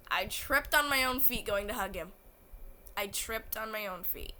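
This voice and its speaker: A woman's voice: moderate pace, pushed and bright. A young woman vlogging about meeting a favorite creator, tearful and gushing as she retells it. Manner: gushing, tearful retelling, acts out quotes in high voices. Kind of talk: emotional fan vlog storytelling.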